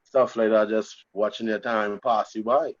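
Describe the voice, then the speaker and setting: A Bahamian man in his thirties, a guest in a casual interview, speaking in a relaxed, conversational way. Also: on the low side, moderate pace, muffled recording. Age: 30s. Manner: relaxed, conversational, says "you know what I mean" often.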